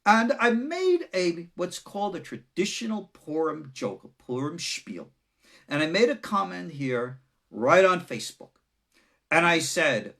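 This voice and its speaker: A man's voice: sits high, very animated, measured pace, sharp tone. A man with a Long Island New York accent, a rabbi giving an unscripted, joking teaching with dramatic turns. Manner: joking, dramatic, breaks into laughter.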